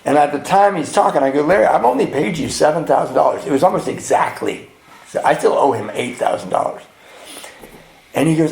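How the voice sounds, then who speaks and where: A man sharing his twelve-step recovery story at a retreat, acting out dialogue and swinging between hushed and loud. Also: on the high side, a little fast, gravelly. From California. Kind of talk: twelve-step share to a live audience. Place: retreat hall with audience. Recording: roomy hall with faint ambience.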